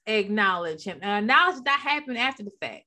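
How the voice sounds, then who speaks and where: A woman's voice: mid-range voice, lively intonation, quick pace, bright, forceful tone. A woman teaching from the Bible in a preaching style, leaning hard on repeated key words and calling out to her listeners as she speaks into a microphone.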